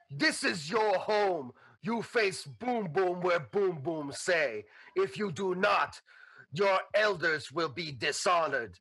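A man voicing a boastful, hot-tempered barbarian warrior who speaks broken English, refers to himself in the third person and shouts his threats slowly. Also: high voice, slightly rough, pitched above the performer's own voice, heavily acted.

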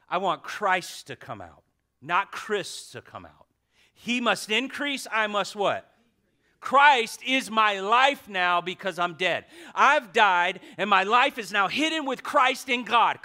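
A high-voiced man preaches as pastor in a church sanctuary, passionate and joking with the congregation. He swings between loud outbursts and hushed asides.

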